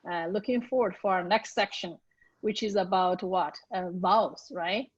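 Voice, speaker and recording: Woman interview host, encouraging, filler-heavy casual speech, breathy voice, dead-dry room. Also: medium pitch, normal speed, no echo. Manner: earnest and encouraging, frequent fillers and "you know". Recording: dry, dull lo-fi recording.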